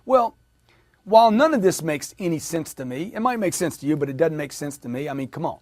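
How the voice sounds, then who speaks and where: A man's voice: on the high side, lively intonation, brisk, no echo. Middle-aged guy doing a pumped-up sales pep talk, voice jumps all over, dry room. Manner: emphatic, acts out customer dialogue. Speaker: sales trainer.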